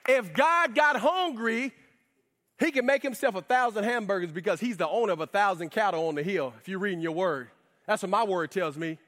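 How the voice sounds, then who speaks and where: Guy preaching, chatty and lively with slangy asides, high voice, long echo like a big church. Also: brisk. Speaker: pastor. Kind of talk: sermon. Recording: reverberant hall.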